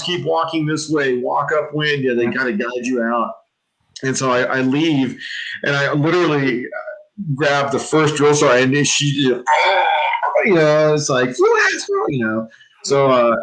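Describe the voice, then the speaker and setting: A man's voice: medium pitch, low-quality recording. A man telling a casual story on a podcast, acting out the voices of the people in it. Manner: animated, acts out voices in anecdotes.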